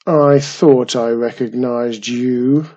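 A man voicing a grumpy old male cave goblin with a loud, growling voice. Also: medium pitch, fairly even intonation, slow pace, lo-fi sound.

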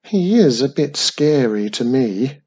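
A man voicing a cheerful, curious young female witch, pitched high and eager. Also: big pitch swings, takes it slowly, darkish tone, husky, dull audio, full character voice. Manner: eager, stuttering when nervous.

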